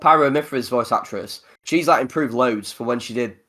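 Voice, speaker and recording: Podcast host guy, mid pitch, chatty and animated, laughs a lot. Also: a little fast. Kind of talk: casual podcast chat.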